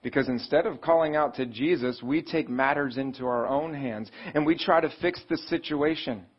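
A pastor with a husky voice speaks at normal speed, the recording sounding dull. His sermon feels like a conversation: he quizzes the congregation and mimics pleading voices that climb in pitch.

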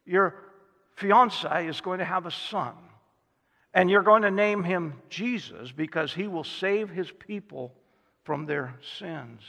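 This preacher's voice sits high and comes across bright and forceful, slow, with vocal fry and a long reverb tail. In his sermon he tells stories and acts out quoted voices.

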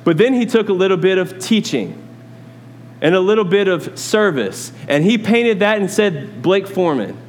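A man's voice: high voice, lively intonation, normal speed, slight background noise. A man preaching a sermon, teaching from scripture in a conversational way with asides to his congregation. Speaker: pastor.

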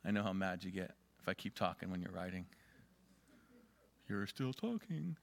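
A man preaching a sermon as a pastor, swinging between loud urging and quiet asides. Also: low voice, completely flat delivery, fast talker, vocal fry.

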